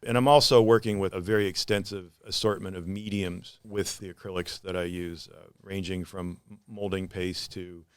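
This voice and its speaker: Man, painter, deep voice, smooth and resonant, measured reflective talk. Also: steady tone, no room sound. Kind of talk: gallery interview.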